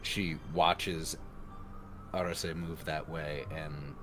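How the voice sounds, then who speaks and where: A man describes his character's actions in a tabletop game, relaxed and unhurried. His voice sits very low. Music plays clearly beneath him. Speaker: player. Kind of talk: narrating own character's actions.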